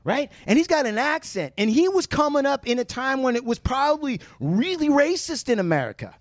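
Animated, profane man telling stories. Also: very high voice, brisk, no echo, clean studio sound. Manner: animated, profane, joking storyteller. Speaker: podcast host. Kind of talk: casual storytelling chat.

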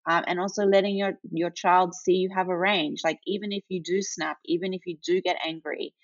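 A woman's voice: on the low side, steady tone, brisk, dry recording. A woman guest in a casual parenting interview, earnest and explanatory. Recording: dry, dull lo-fi remote line.

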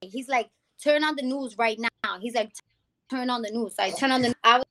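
A woman from the Bronx, giving a lively personal testimony as an interview guest and acting out the people she quotes. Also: on the high side, moderate pace. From the Bronx, New York. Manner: animated storytelling, acting out quoted people, calls the host "girl". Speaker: guest, music founder.

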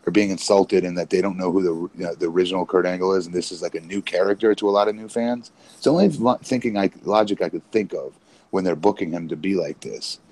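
Podcast co-host, male, very low register, rambling casual delivery. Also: fast talker, darkish tone, low-quality recording. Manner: rambling, many restarts and fillers. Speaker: podcast co-host, former independent wrestler. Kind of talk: casual wrestling chat.

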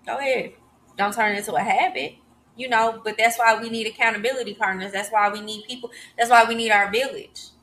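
A woman's voice: on the high side, steady tone, quick pace, a bit bright, slight background noise. A woman in her thirties hosting a podcast, giving an emphatic, preachy solo talk and often checking in with "okay?". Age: 30s. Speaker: podcast host.

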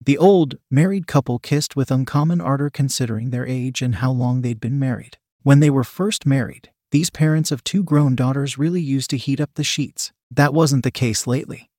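A man's voice: medium pitch, moderate pace, hardly any pauses, a little mellow, no echo, clean studio sound. Man reading a story aloud. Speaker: narrator. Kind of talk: scripted story narration.

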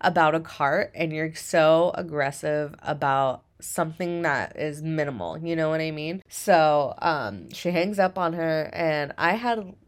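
A young woman in her twenties chats casually, filling her sentences with "like" and dropping swear words without a second thought. Her voice sits on the lower side for a woman. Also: a little slow, hardly any pauses. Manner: chatty, frequent "like", swears casually. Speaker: podcast host. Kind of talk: casual storytelling vlog.

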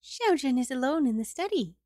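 A woman voicing a young maid who answers her mistress in a high, eager voice. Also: big pitch swings, a little fast, a little mellow, no echo, clean studio sound. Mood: polite.

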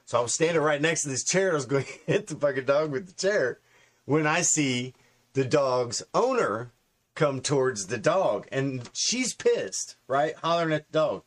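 A man in his forties, a podcast co-host telling profane, animated stories in casual comedic chat. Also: on the high side, moderate pace. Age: 40s.

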